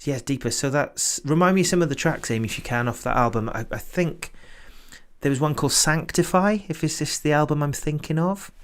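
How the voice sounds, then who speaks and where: A man's voice: on the high side, a little fast, clean tone. A man from Britain hosting a casual online launch chat over a video call, reading out viewer comments and laughing often. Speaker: host.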